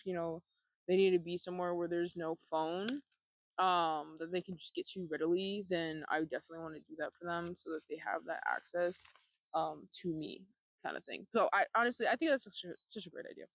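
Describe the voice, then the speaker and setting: A woman's voice: lowish voice, no room sound. A young woman vlogging, telling her own life story in a candid, blunt way, with free swearing and sarcastic asides.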